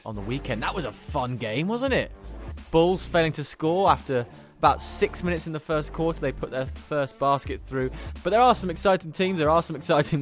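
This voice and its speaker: A man hosting a sports podcast, talking in an upbeat, chatty way. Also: mid-range voice. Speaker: podcast host. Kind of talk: casual sports podcast chat.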